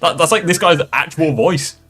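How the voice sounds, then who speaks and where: A man's voice: fairly high pitch, normal speed, fairly bright tone, husky, faint music behind. A man hosting a casual reaction chat, rambling, laughing and swearing often. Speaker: streamer host.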